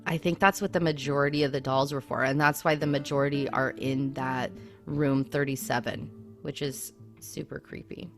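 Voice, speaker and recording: A woman's voice: extremely low pitch, fairly even intonation, fairly quick, faint music behind. A woman co-hosting a podcast, chatting casually with plenty of "like" and "I mean" fillers. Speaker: podcast co-host. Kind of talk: casual chat.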